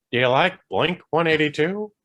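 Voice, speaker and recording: A man co-hosting a podcast in casual chat, tossing out quick, playful replies. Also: on the high side, fairly bright tone. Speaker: podcast co-host.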